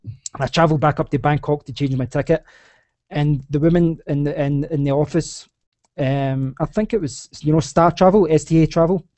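A young man with a Scottish accent rambles through a casual chat, stumbling and restarting often. His voice sits a little high yet sounds mellow and warm. The sound is close and dry. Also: steady tone, normal speed, no echo. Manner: rambling with many restarts and laughs. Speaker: podcast host.

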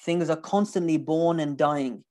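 A man's voice: on the high side, measured pace, a little mellow. A man giving a recorded lecture on scripture, talking animatedly and emphatically, with rhetorical questions and words repeated for emphasis.

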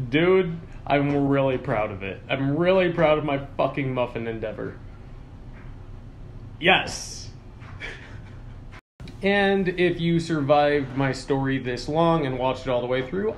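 A man making a casual phone vlog, hyped up and swearing, with loud exclamations as he talks. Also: fairly high pitch, slight background noise. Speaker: streamer.

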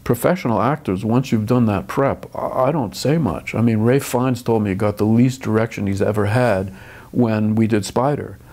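A man's voice: on the low side, normal speed, darkish tone. An older man, a film director, talking thoughtfully in an interview with frequent restarts. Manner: thoughtful, restarts often, dry chuckles. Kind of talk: interview conversation.

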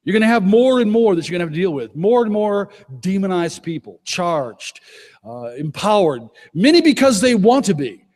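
Emphatic high-voiced male preacher in a reverberant hall. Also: sing-song, moderate pace. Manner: emphatic, swings between loud declarations and low intense asides. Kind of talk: conference sermon. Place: conference hall.

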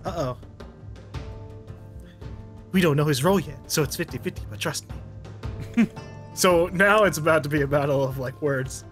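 A man chatting casually while playing an online game with friends, laughing often and explaining his strategy in quick bursts. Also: fairly high pitch, a bit bright, soft background music. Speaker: game player. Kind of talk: casual gaming chat.

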